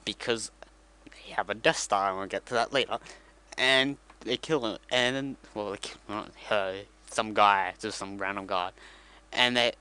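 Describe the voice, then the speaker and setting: A man's voice: lowish voice, steady tone, a little slow, bright, forceful tone, clean tone. A man casually retelling a movie from memory, rambling, joking and correcting himself as he goes. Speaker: vlogger.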